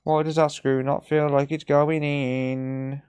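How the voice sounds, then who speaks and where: A man's voice: on the high side, level tone, slow, a little mellow, clean tone. A man chatting casually and crudely with viewers during a live repair stream. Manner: crude joking banter with chat, sweary. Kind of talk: casual livestream chat while repairing.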